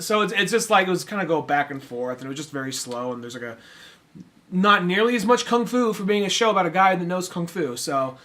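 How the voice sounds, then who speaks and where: A man co-hosting a podcast in casual chat, animated and quick to act out characters as he talks. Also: on the high side. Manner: animated, acts out characters mid-sentence. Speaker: podcast co-host.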